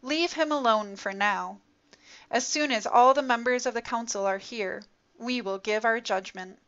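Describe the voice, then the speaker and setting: A woman reading the part of a stern male high priest who gives commands in a storybook reading. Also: moderate pace, a bit bright. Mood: commanding. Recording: dull lo-fi recording.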